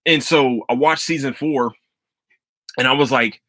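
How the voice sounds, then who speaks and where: A man hosting a casual solo podcast, talking loosely and excitedly with plenty of swearing. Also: mid-range voice, unhurried, no room sound. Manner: loose, profane, excitable storytelling. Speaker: podcast host.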